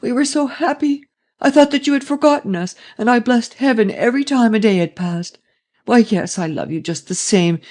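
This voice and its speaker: A man voicing an anxious old grandmother who pleads tearfully in a high voice. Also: expressive, quick pace, few pauses, warm tone. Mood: tearful pleading. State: crying.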